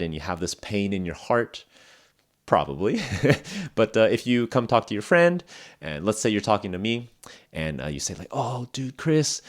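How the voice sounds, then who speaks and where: Man, young adult, low pitch, animated intonation, casual podcast teacher, chatty. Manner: relaxed, chatty, lots of fillers and acted examples. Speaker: English podcast host and teacher. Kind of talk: casual spoken English lesson.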